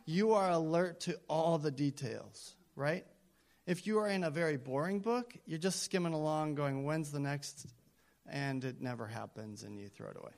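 A man preaching a conversational sermon to his congregation, with self-deprecating asides and emphatic repetition. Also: fairly high pitch. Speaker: pastor.

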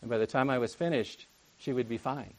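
A man's voice: mid-range voice, brisk. A man preaching a conversational sermon, full of jokey asides and rhetorical questions to the congregation.

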